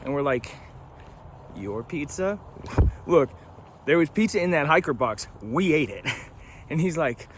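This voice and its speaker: A man talks to his handheld camera while out on a long hiking trail. His voice sits a little high, and his manner is relaxed, slangy and quick to laugh. Faint outdoor noise hangs under the recording. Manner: laid-back, laughing, slangy. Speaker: thru-hiker vlogger. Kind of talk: casual trail vlog. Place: outdoors at a forest campsite.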